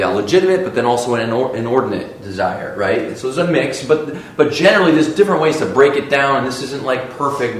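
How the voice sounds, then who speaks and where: Man teaching a church class in an echoey room. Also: mid-range voice. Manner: conversational, emphatic, many restarts. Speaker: Sunday school teacher. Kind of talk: discussion-led Bible class. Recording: echoey room, faint background noise.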